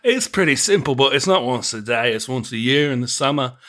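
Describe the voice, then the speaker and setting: A man's voice: mid-range voice, animated, fairly quick, sharp tone. A man playing a drunken male pub regular from a remote island, in a British accent drifting toward Liverpool, breezy and laughing about grim customs. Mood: cheerfully matter-of-fact. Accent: British, shifting toward Liverpool. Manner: cheerfully casual about grisly things, laughs often. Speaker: improv character guest. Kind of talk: comedic improv character interview.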